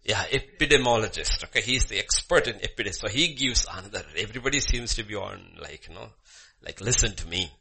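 A man, a pastor leading a prayer and preaching a sermon with fervent, emphatic, repetitive phrasing that swings between loud and hushed. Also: on the low side, expressive, fast talker, gravelly, hardly any pauses, slightly rough.

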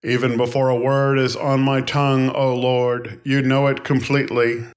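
A man giving a measured, unhurried reading of scripture passages. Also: medium pitch, clear, resonant tone. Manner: calm, even, unhurried phrasing. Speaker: scripture reader.

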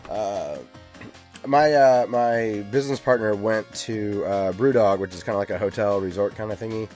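A man's voice: lowish voice, steady tone, moderate pace, a little mellow, soft background music. A man hosting a video game podcast in casual chat, rambling with lots of ums and uhs. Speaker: podcast host.

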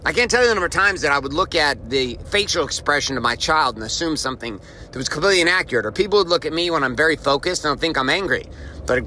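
A man's voice: a little high, expressive, racing, pushed and bright, slight background noise, low-quality recording. A man hosting a motivational podcast, telling a story and repeating his main point with emphasis. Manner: emphatic, repeats key lines. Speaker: podcast host. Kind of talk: motivational monologue.

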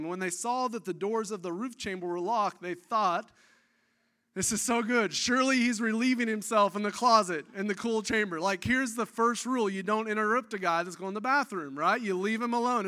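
An excitable man preaching, his voice pitched high for a man and ringing bright. He tells the scripture story dramatically, with casual, chatty asides to his listeners. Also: brisk. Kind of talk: energetic sermon storytelling.

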